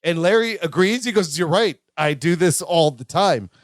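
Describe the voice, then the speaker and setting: A man co-hosting a podcast, chatting casually about a sitcom episode, laughing often and dropping his voice low for quoted lines. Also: expressive, moderate pace, no echo, studio quality. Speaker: podcast co-host. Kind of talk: casual recap chat.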